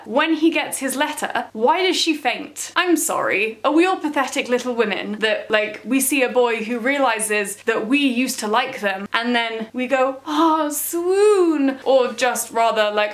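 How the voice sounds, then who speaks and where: A woman's voice: a little high, fairly bright tone. A young woman ranting in a review vlog, exasperated and sarcastic, firing off incredulous rhetorical questions. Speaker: book vlogger.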